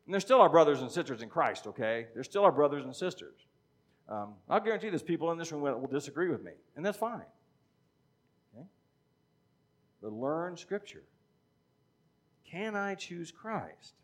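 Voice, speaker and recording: A middle-aged man preaching in an easy, conversational teaching style. His voice sits a little on the high side, and he keeps checking in with his listeners. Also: big pitch swings, normal speed, pauses often. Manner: conversational teaching, frequent "okay?" check-ins. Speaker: pastor. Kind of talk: sermon.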